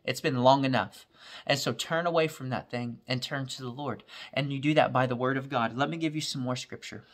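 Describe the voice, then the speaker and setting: A man's voice: mid-range voice, brisk. A man preaching a recorded sermon in a fervent, repetitive cadence.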